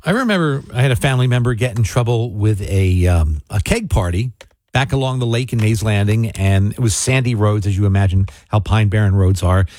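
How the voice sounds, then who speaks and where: A man's voice: on the low side, a little mellow, dry recording, clean studio sound. An older man from South Jersey co-hosting a radio talk show, telling stories in a rambling, easygoing way. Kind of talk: casual radio chat. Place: radio studio. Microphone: studio microphone.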